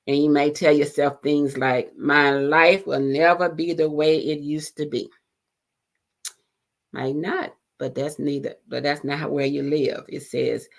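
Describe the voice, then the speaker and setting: Low slow lady hosting a pep talk, kinda gravelly, lots of ums. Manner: slow and gentle, with many fillers and restarts. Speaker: host. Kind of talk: encouraging podcast talk.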